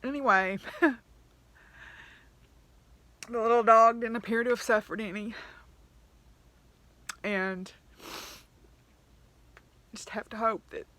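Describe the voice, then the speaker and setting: A woman, talking in a rambling, candid diary vlog with soft laughs and fillers. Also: a little high, slow pace, long pauses. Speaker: vlogger.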